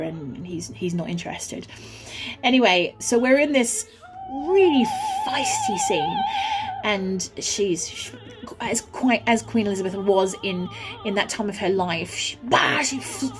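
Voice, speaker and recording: A woman, an opera singer, telling a backstage anecdote in an animated way and breaking into sung phrases. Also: medium pitch. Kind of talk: storytelling anecdote.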